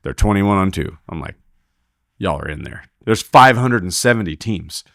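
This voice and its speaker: In a clean, echo-free studio recording, a podcast guest who's a team roper spins a casual story in a deep, creaky voice at a moderate pace. He acts out dialogue in an animated way and doesn't hold back on swearing.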